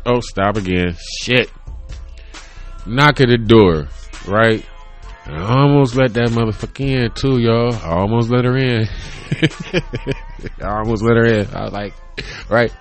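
A man in his thirties hosting his own podcast, rambling casually and profanely, laughing often and jumping from quiet mutters to loud, excited storytelling. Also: normal speed, faint music behind. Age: 30s. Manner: loose and profane, laughs often, swings from low mumbles to loud excited bursts. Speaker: podcast host. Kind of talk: casual solo podcast rant. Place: bedroom home setup.

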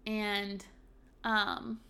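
A woman's voice: medium pitch, little pitch movement, extremely slow, bright, forceful tone, smooth. A young woman hosting a solo podcast, chatting candidly and reading from her journal with lots of ums and likes. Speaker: podcast host.

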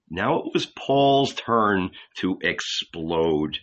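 A man reads a novel aloud at an unhurried pace, his voice bright and forceful. The recording is dull and lo-fi, as if it came from an old tape. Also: fairly low pitch. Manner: measured storytelling. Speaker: audiobook narrator. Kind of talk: scripted narration.

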